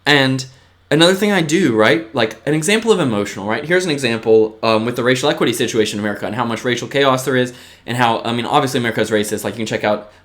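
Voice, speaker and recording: A man giving a casual, earnest motivational talk to his viewers, often checking in with a quick "right?" and moving between eager bursts and softer, lower asides. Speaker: vlogger.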